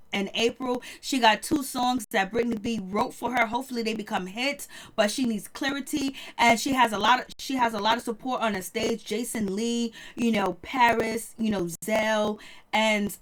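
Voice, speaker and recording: A chatty woman with a fairly high voice gossips through a reality show recap. She talks straight to her viewers, greets them by name, and laughs often. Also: fairly bright tone. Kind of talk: casual chat.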